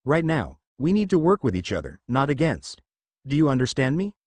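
A man's voice: mid-range voice, wildly swooping pitch, normal speed, dry recording. A man voicing a blond young male ninja, urgent and commanding.

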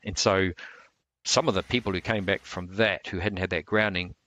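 A man, telling stories in a relaxed interview, rambling with lots of fillers and restarts. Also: low voice, moderate pace. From New Zealand. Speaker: martial arts instructor.

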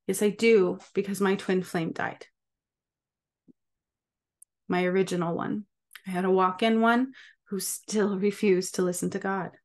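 A woman's voice: mid-range voice, flat delivery, unhurried. A woman speaking casually and emphatically to camera as a spiritual healer, often checking in with her listeners. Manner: emphatic, with frequent rhetorical check-ins. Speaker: spiritual healer and channel host.

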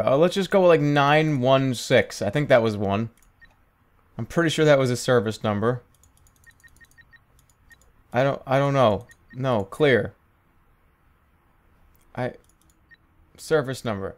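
A man giving sarcastic, exasperated let's play commentary, swearing and laughing at a glitchy game. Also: mid-range voice. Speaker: gaming commentator.

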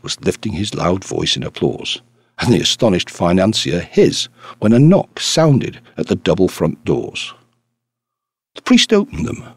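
Husky, expressive male audiobook narrator. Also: on the low side, no room sound. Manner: expressive storytelling. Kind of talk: scripted narration.

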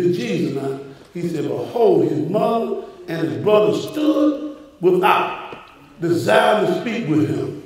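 Man, pastor, high voice, fiery sermon, booming church echo, distant mic. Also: big pitch swings, a little slow, darkish tone. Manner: preaching with rising bursts, addressing the congregation directly. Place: church sanctuary.

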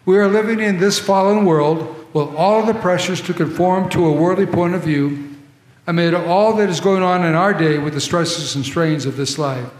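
A man's voice: sits high, moderate pace. A male pastor preaching a sermon in a church, conversational, with asides to the congregation. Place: large church sanctuary. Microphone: troublesome handheld or body mic. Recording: echoey church hall with long reverb.

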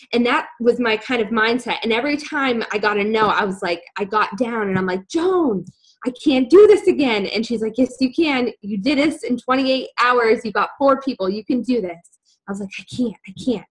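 A young woman casually telling a personal story, animated, acting out her own past words. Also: mid-range voice, rough recording.

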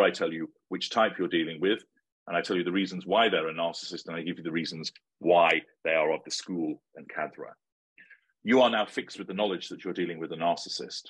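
A middle-aged man speaks in a very low, husky voice. He answers interview questions in a measured, assertive way, laying out his points like a lecture. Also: a bit bright. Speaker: interviewee giving advice.

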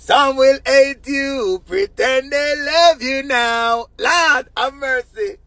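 A man with a Jamaican accent talking on a phone live stream, rambling in patois with proverbs and shout-outs. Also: very high-pitched, slow pace, dry recording. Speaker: livestream host. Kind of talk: casual live-stream talk.

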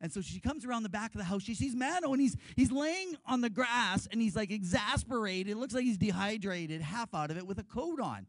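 A male pastor giving a lively sermon, telling stories and leading the congregation in call-and-response. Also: sits high, a little fast, hardly any pauses, dry recording, low-quality recording.

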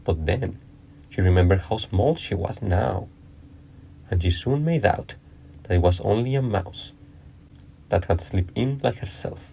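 A man reading a classic children's book aloud as narrator, in a measured, unhurried way. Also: low-pitched, creaky, mellow, a little hiss or hum. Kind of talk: storybook read-aloud.

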